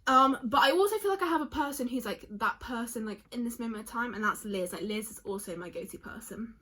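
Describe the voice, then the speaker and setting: A woman's voice: fairly high pitch, lively intonation, fast, sharp tone, slight background noise. A young woman chatting casually in a vlog, reading out answers from friends and reacting as she goes, rambling with lots of "like" and stopping herself mid-sentence. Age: young adult. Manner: chatty and emotional, lots of likes and self-interruptions. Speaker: vlogger.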